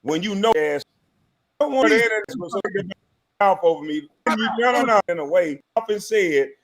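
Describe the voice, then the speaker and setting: A man's voice: high-pitched, lively intonation, measured pace. Angry, profane man in a clip. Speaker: panel guest in a played clip. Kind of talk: heated argument on a stream.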